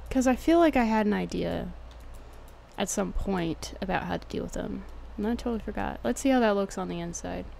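A woman's voice: mid-range voice, lively intonation, a little fast, creaky, darkish tone, a little hiss or hum. A young woman with a Texan accent chatting casually and jokingly while streaming a game, slangy and swearing freely. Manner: laid-back, jokey, slangy, swears casually. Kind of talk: casual gameplay commentary.

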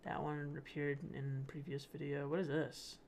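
A young man with a gravelly, slightly high voice hosts his channel in a loose, rambling way. He laughs often and trips over his own words as he reads, with a faint hiss beneath him. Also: flat delivery, normal speed, darkish tone. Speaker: channel host. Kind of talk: casual commentary reading posts.

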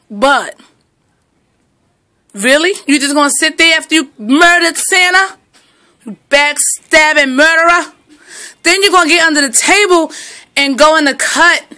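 A woman's voice: extremely high pitch, sharp tone. A woman filming her dog at home on a phone, mock-mourning a chewed toy and scolding the dog with theatrical drama. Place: at home indoors.

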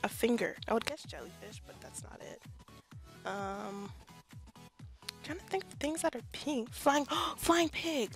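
Speaking at a measured pace in a fairly high, expressive voice, a young gaming YouTuber narrates her gameplay from her home bedroom as faint music plays behind her. She's chatty, pokes fun at herself, and laughs a lot.

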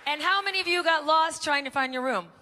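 A woman's voice: high-pitched, fast. A woman emceeing a conference, joking and poking fun at herself before an audience. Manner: joking, self-mocking. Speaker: event emcee. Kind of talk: stand-up style stage hosting. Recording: live event with crowd and noise.

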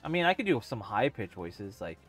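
A man's voice: medium pitch, very animated, fairly quick, soft background music. A man hosting a gaming stream in casual, playful chat on a headset mic, laughing often and fooling around with voices. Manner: chatty, laughing, playful about doing voices. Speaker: streamer host.

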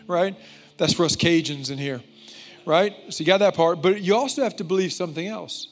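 A pastor speaking to his congregation in a relaxed, joking way, with plenty of fillers. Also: a little high. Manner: casual, joking, with y'all and fillers. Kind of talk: church service address.

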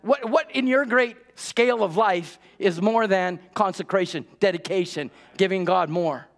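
A male preacher with a notably high voice delivers a sermon with urgency. He drives his points home by repeating key words and asking the congregation rhetorical questions. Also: normal speed, creaky. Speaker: pastor.

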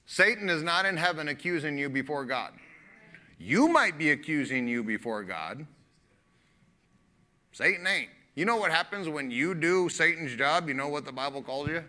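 A man's voice: medium pitch, expressive, moderate pace, pushed and bright. A man preaching a sermon as pastor, folksy and joking, often laughing and acting out quotes.

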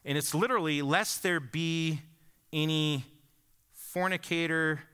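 A man's voice: fairly high pitch, steady tone, unhurried, sharp tone, clear, resonant tone. A man in his forties from the Pacific Northwest preaching a sermon, telling stories in a conversational way and often checking in with the congregation. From Bend, Oregon. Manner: conversational storytelling, often asks the congregation "right?". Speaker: pastor.

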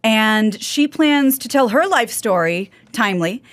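A woman's voice: on the high side, unhurried. A woman reading news stories on a podcast in a chatty, casual way. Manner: chatty, animated, agreeable.

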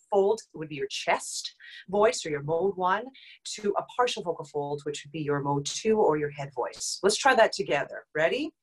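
Woman vocal coach, mid-pitched, instructive, demonstrating glides and hums, a touch dry. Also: breathy edge, rough recording. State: slightly dry voice. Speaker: voice teacher. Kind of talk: online group vocal exercise lesson.

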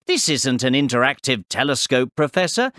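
A man voicing a curious, excited young boy in an audio story for an English course. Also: medium pitch, normal speed, no echo, clean studio sound.

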